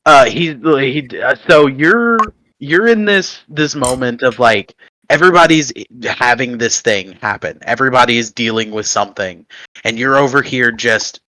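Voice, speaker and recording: Guy running a d&d stream, bright forceful voice, dry close sound, chatty and descriptive. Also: medium pitch, a little slow, no echo, rough recording. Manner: lively and descriptive, with many fillers. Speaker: dungeon master. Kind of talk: narrating a tabletop game on a live stream.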